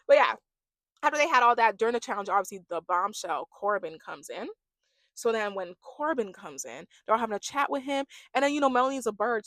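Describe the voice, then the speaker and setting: A woman's voice: fairly high pitch, fairly quick, no echo. Gossipy woman recapping reality TV. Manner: gossipy, animated, mimics cast members. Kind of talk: casual reaction commentary.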